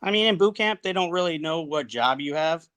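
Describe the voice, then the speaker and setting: A man in his forties from upstate New York tells his story in a casual interview. His voice is bright and forceful. He speaks plainly and halts often, restarting his sentences. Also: fairly high pitch, lively intonation, smooth. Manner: halting, plainspoken, many fillers and restarts. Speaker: guest, Marine veteran.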